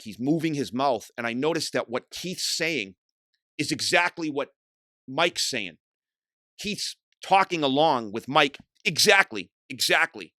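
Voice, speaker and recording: Guy ranting on his podcast, bright forceful voice, dry close sound, swears a lot. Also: medium pitch, dry recording. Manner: profane, animated storytelling, acts out quotes loudly. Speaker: podcast host. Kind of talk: casual storytelling monologue.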